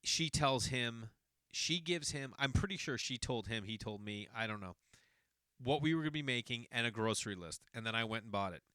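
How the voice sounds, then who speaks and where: A man's voice: medium pitch, expressive, a little fast, bright, forceful tone, smooth, no echo, studio quality. A man in his forties from the Boston area, hosting a podcast and telling a long personal story in a rambling, self-correcting way. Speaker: podcast host. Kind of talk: casual storytelling monologue.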